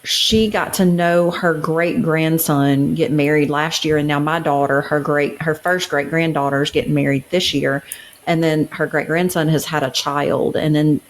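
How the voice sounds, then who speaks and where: A woman's voice: deep voice, steady tone, measured pace, rough recording. A middle-aged woman co-hosting a podcast, speaking in an earnest, heartfelt and reflective way in casual conversation. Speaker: podcast co-host. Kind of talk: casual chat.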